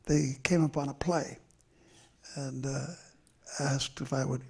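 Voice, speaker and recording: Older man, memoir author, very raspy voice, gravelly, reflective, slow storytelling with pauses, live talk on stage. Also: medium pitch, fairly even intonation. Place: stage event before an audience.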